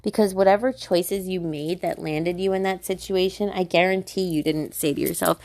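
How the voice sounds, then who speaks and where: A woman's voice: fairly low pitch, fairly even intonation, moderate pace, darkish tone. A young woman hosting a podcast, talking casually about self-love with lots of fillers, laughter and swearing. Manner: chatty, filler-heavy, swearing, laughing often. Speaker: podcast host.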